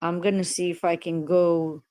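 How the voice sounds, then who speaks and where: On a casual livestream, a woman with a mellow voice on the low side speaks at a normal speed in a level tone. She greets viewers by name, yet sounds upset and frustrated, rambling with hesitations, frequent restarts and swearing.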